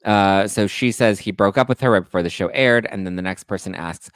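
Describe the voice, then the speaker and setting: A man hosting a podcast, gossiping about reality TV with sarcastic, animated commentary and mocking high-pitched quotes. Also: fairly quick, few pauses, dry recording, studio quality. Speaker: podcast host.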